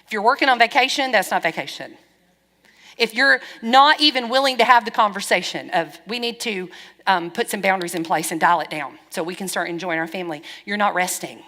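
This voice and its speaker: A middle-aged woman pastor preaching a sermon, frank and lively, acting out bits of dialogue as she goes. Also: mid-range voice, fairly quick. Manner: lively, frank, wry storytelling with quoted dialogue. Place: church hall. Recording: long church-hall reverb.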